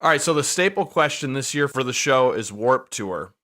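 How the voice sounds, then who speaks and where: A man hosts a podcast, posing casual interview questions in a mid-range voice. His tone is bright and forceful, and he keeps his remarks short. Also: mid-range voice, lively intonation, moderate pace. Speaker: podcast host.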